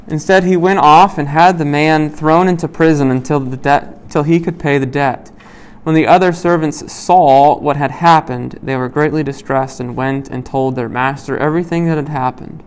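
A man leading a small Bible study group. He reads scripture aloud, then explains it in a loose, conversational way, asking "right?" often and pausing with "um.". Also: a little high, fairly even intonation, clear, resonant tone. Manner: many "um"s and restarts while explaining.

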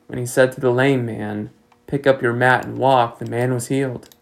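Gravelly-voiced male pastor preaching earnestly. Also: mid-range voice, flat delivery, rough recording. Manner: measured, earnest preaching with rising rhetorical questions. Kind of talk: sermon.

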